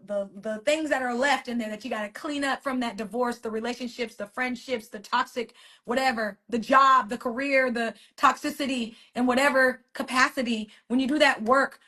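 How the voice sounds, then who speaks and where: An author and wellness coach, her voice a little high with a bright, forceful tone, hosts a weekly motivational live stream from her phone. The feel is casual as she chats with viewers, speaks emphatically and repeats phrases.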